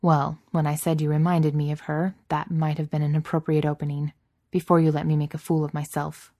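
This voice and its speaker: A woman's voice: sits low, level tone, brisk, mellow, no room sound, studio quality. Woman reading as a reserved, tightly controlled soldier. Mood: cold. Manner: controlled and earnest. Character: earnest, reserved soldier man, hurt and controlled.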